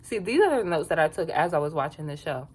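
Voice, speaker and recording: A woman giving a casual, sassy recap of a reality show, chatty and quick to laugh. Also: low-pitched, sing-song, a little mellow, husky. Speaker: reality TV reviewer.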